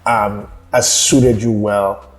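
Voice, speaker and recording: Low-pitched male interviewer, encouraging follow-ups, soft music underneath. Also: flat delivery, very slow, low-quality recording. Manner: encouraging, asks open follow-up questions. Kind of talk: interview questions.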